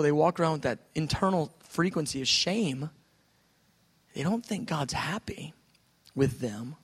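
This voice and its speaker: Male preacher, high voice, sermon style, hushed then loud and excited. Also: breathy edge, in a large hall. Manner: swings from soft musing to loud excited outbursts.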